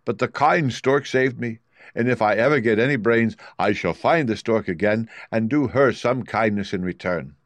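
A man's voice: fairly low pitch, normal speed, dry recording, close to an everyday voice. A man voicing a cheerful, grateful male scarecrow in a storybook reading, in a light voice.

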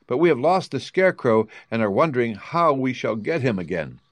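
Storybook girl, eager and polite, voiced by a man in a clearly raised pitch. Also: sing-song, fairly quick, no room sound, lightly acted. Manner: eager, earnest. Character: young girl, earnest and polite.

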